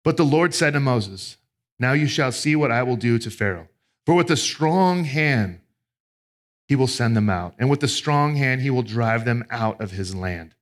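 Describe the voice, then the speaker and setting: Middle-aged guy preaching, normal pitch, gets loud on the big points then goes quiet. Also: animated, moderate pace. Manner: preaching with dynamic swings between emphatic and hushed delivery. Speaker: pastor. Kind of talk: sermon.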